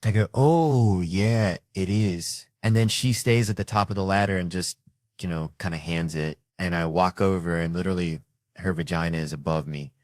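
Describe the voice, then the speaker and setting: A man with a Southern US accent telling a profane comic story, acting out the characters with sudden jumps in pitch and loudness. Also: fairly even intonation, fairly quick, dry recording, clean studio sound. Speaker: comedian storyteller. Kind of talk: casual storytelling.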